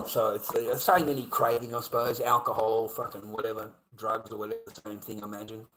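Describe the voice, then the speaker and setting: An Australian man talking on a casual livestream, rambling, swearing freely and often trailing off into low mumbles. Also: flat delivery, a little fast, hardly any pauses, sharp tone, poor audio.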